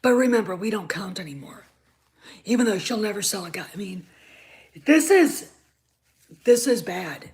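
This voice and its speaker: A woman hosting her own show, ranting in anger, swearing freely, stammering and repeating herself, dropping from shouts to muttered asides. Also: mid-range voice, animated, normal speed, long pauses. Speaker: show host. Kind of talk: angry ranting commentary.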